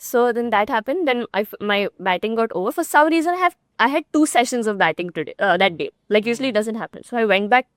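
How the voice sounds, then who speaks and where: Fast-talking young Indian woman, candid. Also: on the high side, expressive, no echo, clean studio sound. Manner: rapid, earnest retelling with quoted dialogue. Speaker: guest cricketer. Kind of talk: candid personal storytelling in an interview.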